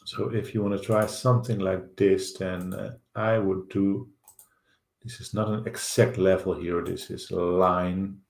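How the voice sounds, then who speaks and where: A man with a Dutch accent talks through trading charts live, thinking aloud and pausing on fillers. His voice sits low and moves slowly. The room gives it a noticeable echo. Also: little pitch movement, creaky, darkish tone. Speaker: stock market show host.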